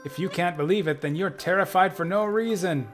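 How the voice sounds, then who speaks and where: A man's voice: high-pitched, fairly quick, voice pushed up, close to an everyday voice. A man voicing a mocking male cartoon bear ruler, gloating and taunting in a sing-song way, with faint game music behind.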